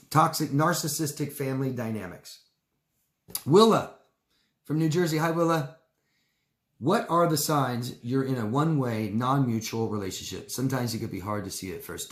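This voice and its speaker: In an echoey room, a man answers viewer questions while coaching live. His talk is casual and rambling, full of repetition, and now and then he mimics people in mocking high voices.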